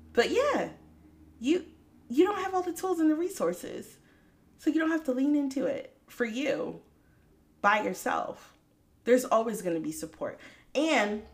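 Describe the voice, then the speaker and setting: Woman hosting a faith podcast, lively and preachy, talks right to you, laughs a lot. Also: medium pitch. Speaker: podcast host. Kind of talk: faith-based motivational talk.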